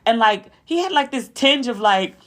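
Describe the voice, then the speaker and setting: A woman hosting a podcast, telling stories in a chatty, animated way with asides to her listeners. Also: fairly high pitch, normal speed. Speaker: podcast host. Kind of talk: casual storytelling recap.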